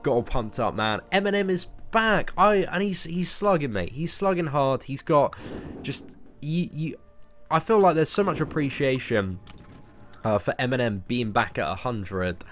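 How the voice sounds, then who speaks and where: A man's voice: mid-range voice, animated, unhurried, fairly bright tone. A young man with a southern English accent, chatting casually on a game live stream, rambling and restarting his sentences. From Surrey, southern England. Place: parents' garden, outdoors.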